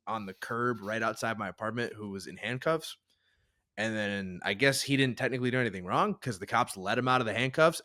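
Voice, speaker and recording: A man's voice: medium pitch, pushed and bright. A man hosting a podcast, chatting casually, telling rambling stories with wry swearing. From Chicago area. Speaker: podcast host. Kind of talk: casual chat.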